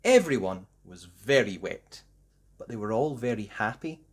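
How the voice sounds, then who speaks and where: A man reading a children's picture book aloud, narrating slowly and expressively for young listeners. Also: fairly low pitch, slightly rough. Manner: slow, expressive storytelling. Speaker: storybook reader.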